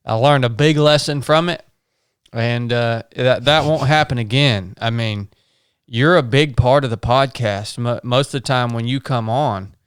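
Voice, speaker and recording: Man hosting a podcast, smooth voice. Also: mid-range voice, unhurried, no room sound, studio quality. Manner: playful, mock-apologetic. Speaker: podcast host. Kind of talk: casual podcast chat. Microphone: studio microphone.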